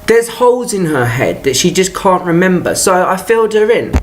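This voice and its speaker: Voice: mid-range voice, very animated, normal speed, slight background noise. A vlogger telling a personal grievance in an exasperated, profane rant, talking in stop-start bursts and restarts. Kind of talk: ranting personal vlog.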